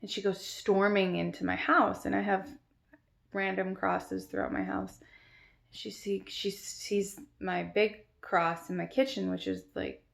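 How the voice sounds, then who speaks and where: A woman recounts a dream in loose, rambling casual talk, leaning on filler words. Her mid-pitched voice carries a steady gravelly fry. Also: a little slow. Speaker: storyteller.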